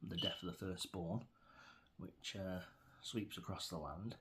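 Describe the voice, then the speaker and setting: A middle-aged Englishman with a low, deep voice talks straight to camera in a rambling, opinionated rant. He hesitates and restarts often and wanders from one grievance to the next. A faint hiss of noise sits under his voice. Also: fairly even intonation, measured pace. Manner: meandering, opinionated, many fillers and restarts. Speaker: vlogger.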